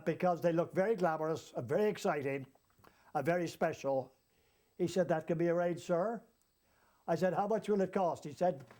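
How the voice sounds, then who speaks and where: A man telling a comic travel anecdote as a storyteller, lively and chuckling along as he goes. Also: fairly high pitch. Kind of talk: comic anecdote told to an audience.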